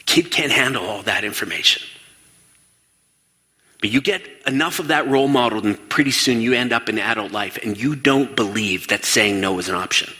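Energetic man with a bright voice in a reverberant hall. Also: fairly low pitch, moderate pace. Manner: energetic, asks the audience questions and acts out quoted voices. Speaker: speaker addressing an audience. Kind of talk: lively stage talk. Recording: long reverb of a large hall.

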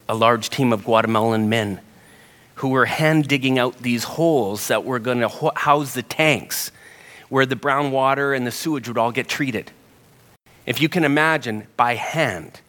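A man preaching a sermon, telling a story in an animated way and getting higher and livelier as he gets excited. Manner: animated storyteller, rising pitch when excited. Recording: long hall reverb.

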